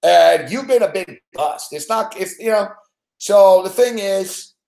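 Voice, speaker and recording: A man's voice: high-pitched, expressive, measured pace, gravelly, warm tone, reverberant. A man hosting a sports betting show, ranting about football with sarcastic, profane remarks and frequent laughs.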